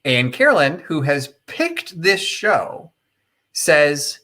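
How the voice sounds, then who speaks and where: A man's voice: a little high, big pitch swings, slow, bright, forceful tone. A middle-aged man hosting a casual live chat, telling a rambling, opinionated story full of fillers and tangents. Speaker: host of a live chat stream.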